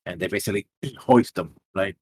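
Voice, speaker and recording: A man's voice: low voice, brisk, a little mellow, husky, no room sound. A man narrating as a tabletop game master in a casual way, with many fillers.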